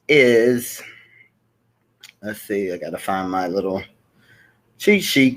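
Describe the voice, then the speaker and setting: A man's voice: mid-range voice, steady tone, slow pace, pauses often. A man hosting a live stream show, chatting casually, greeting viewers by name and repeating his welcomes.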